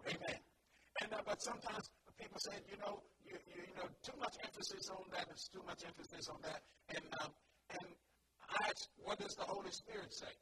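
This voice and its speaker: A male preacher delivering a sermon, peppering his lines with amens and repeating phrases for emphasis. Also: high voice. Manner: rhythmic, peppers lines with "amen" and "glory to God". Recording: distant mic with loud background noise.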